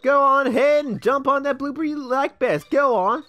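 A man's voice: high-pitched, big pitch swings, moderate pace, soft background music. A man voicing a laid-back male surfer dude who runs a surf contest, with a put-on accent and breezy slang.

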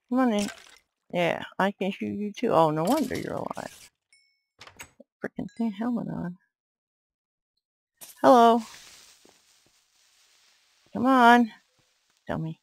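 Woman gamer, slow gravelly delivery, yells at enemies and mutters asides. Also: medium pitch, expressive, rough recording. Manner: exclaims and yells at enemies, then mutters to herself. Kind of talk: let's play commentary.

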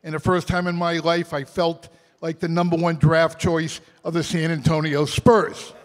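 A man's voice: a little high, level tone, normal speed, long reverb tail. A man, the artist, chatting and joking as he talks about his artwork at a charity auction. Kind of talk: speaking at an event.

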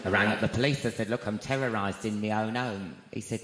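A man doing a gossipy, camp stand-up routine, his voice jumping to high shrieks. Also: brisk, few pauses, slight background noise. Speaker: stand-up comedian. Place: large arena before a live crowd. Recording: echoey arena, loud crowd laughter. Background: audience laughter.

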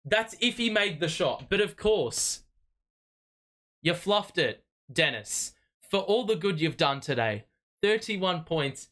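A young man hosting a live fan watch party, calling the plays as an excitable, exasperated fan who swears freely. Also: a little high. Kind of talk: live fan play-by-play commentary.

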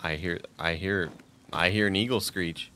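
A man streaming a video game, excitable and profane, laughing and talking to his chat. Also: deep voice, moderate pace, smooth. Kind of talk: live gameplay commentary. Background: game music and sound effects.

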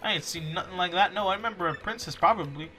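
A man puts on a gruff street thug who needles and sneers. He talks short and pushy, with game music in the background. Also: sits high, fast talker, sharp tone. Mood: brusque. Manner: brusque, needling.

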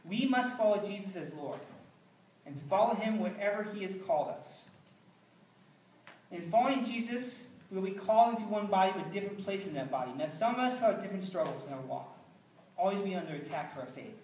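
A man's voice: sits high, lively intonation, a little fast, darkish tone, a little hiss or hum. Man preaching from far off in a roomy church. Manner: earnest conversational preaching with dry asides. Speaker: pastor. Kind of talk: sermon. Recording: roomy, distant mic, faint ambience.

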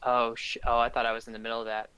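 A man co-playing a game on a stream, with a bright, clear voice at an ordinary middle pitch. He talks in a nervous, self-mocking way, always running himself down. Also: completely flat delivery, racing. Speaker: gaming stream co-player. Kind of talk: casual game chat.

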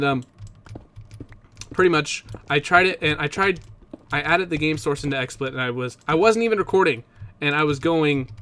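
A young man talks straight to his viewers from his desk, rambling and correcting himself mid-sentence. His voice sits a little high. Soft keyboard clicks sit faintly under the talk. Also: a little hiss or hum. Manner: rambling, self-interrupting, talks to viewers directly. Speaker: Minecraft let's play YouTuber. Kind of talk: casual vlog chat about PC hardware.

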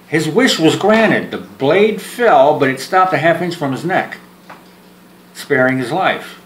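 A man's voice: on the high side, lively intonation, takes it slowly, slight background noise. A man vlogging one side of a phone call. He jokes around, rambles and restarts his words, and pokes fun at himself. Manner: joking, rambling, self-deprecating, repeats words. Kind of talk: one-sided phone chat to camera. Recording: roomy with faint ambience.

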